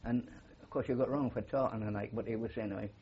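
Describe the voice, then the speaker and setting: A man's voice: mid-range voice, steady tone, fast talker, breathy edge, muffled recording. An older man with a Geordie accent, a war veteran telling rambling stories with many fillers in an oral history interview. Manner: rambling anecdotal storytelling with frequent fillers.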